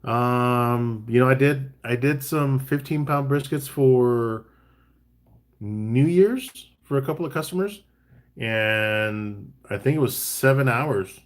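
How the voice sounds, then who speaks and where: A man hosting a casual live-stream chat. He talks in a relaxed, chatty way, reads out viewer comments and gives tips between bits of banter. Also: medium pitch, slow. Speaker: barbecue caterer and live chat host.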